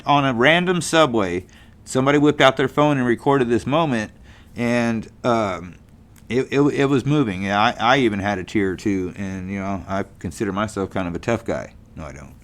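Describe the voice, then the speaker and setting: A man's voice: mid-range voice, fairly bright tone. A middle-aged man from California hosting a casual monologue show, rambling in a folksy way with lots of fillers and restarts. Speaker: podcast host.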